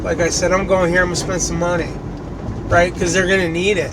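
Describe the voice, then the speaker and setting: A man's voice: high voice, little pitch movement, a little fast. A man in his late thirties from the United States, ranting and swearing as he drives. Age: late 30s. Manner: angry, swearing rant. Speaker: vlogger. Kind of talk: ranting vlog while driving. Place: inside a moving car. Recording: road and engine noise from a car.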